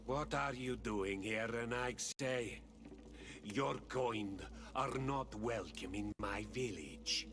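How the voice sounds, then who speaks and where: An actor playing a proud, hostile village chief in a fantasy video game, with a Welsh-tinged lilt and a stern, scornful manner. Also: male voice, medium pitch. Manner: stern, scornful, slow and deliberate.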